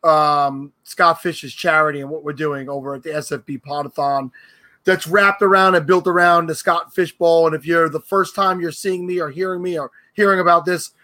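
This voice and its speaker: A man's voice: fairly high pitch, steady tone, moderate pace, pushed and bright. A man from New York, a guest on a podcast, joking and chatty. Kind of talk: casual podcast chat.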